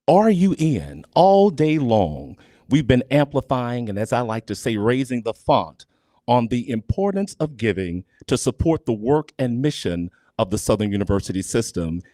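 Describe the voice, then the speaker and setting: A man's voice: medium pitch, sing-song, normal speed, dark tone, no room sound. A man hosting a live fundraising broadcast, speaking with an emphatic, preacher-like cadence. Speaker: broadcast host.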